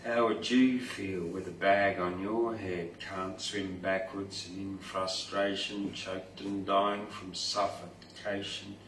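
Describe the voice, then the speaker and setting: A grieving young sea turtle pleads with the humans, slow and sorrowful , as a man reads it out at a poetry night. The voice sits low and drags along, caught by a mic set well back in an echoey room with a faint hiss. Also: fairly even intonation, fairly bright tone. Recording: roomy distant mic, faint noise.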